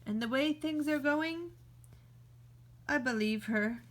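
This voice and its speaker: Brief: teacher doing an anxious, grumbling squirrel, slow worried storybook voice. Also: female voice, sits high. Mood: fretful. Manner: fretful, exasperated. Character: nervous grumpy male squirrel. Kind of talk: reading aloud to a class.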